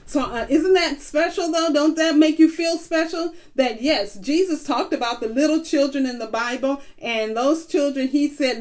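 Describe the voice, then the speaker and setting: A woman's voice: high voice, moderate pace, hardly any pauses, darkish tone. A middle-aged woman teaching a children's Bible lesson in a coaxing, sing-song way, asking the listeners questions.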